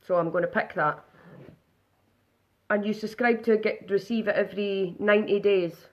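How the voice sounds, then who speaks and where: A woman's voice: mid-range voice, fairly even intonation, moderate pace, muffled recording. Chatty woman doing live makeup. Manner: chatty, narrates each step aloud. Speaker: makeup demonstrator. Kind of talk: casual live makeup demo.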